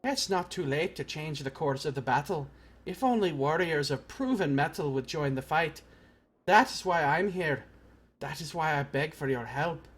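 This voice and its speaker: Man voicing an earnest young armored woman, put-on accent, recruiting pitch, slightly husky. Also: expressive, normal speed, a bit bright. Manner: reading game dialogue in a put-on accent.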